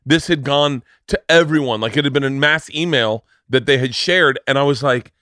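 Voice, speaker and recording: A man's voice: medium pitch, normal speed, no echo, studio quality. A man hosting a podcast, telling stories in a casual comedic way, swearing often and acting out the people he quotes. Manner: animated, profane, acts out quoted voices. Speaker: podcast host.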